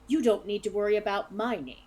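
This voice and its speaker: Brief: gruff, curt male guard in a tabletop game, put on by a woman. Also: medium pitch, a little fast, darkish tone, lightly acted. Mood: stern. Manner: curt, threatening.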